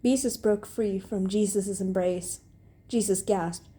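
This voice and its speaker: A young woman reading comic fan fiction aloud, deadpan with occasional giggles. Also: mid-range voice, unhurried. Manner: breaks into giggles, deadpan delivery. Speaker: reader.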